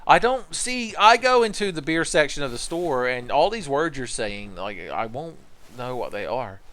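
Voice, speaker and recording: A man's voice: mid-range voice, very animated, moderate pace, a bit bright. Rambling, profane young male gamer. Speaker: streamer. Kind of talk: casual gameplay commentary.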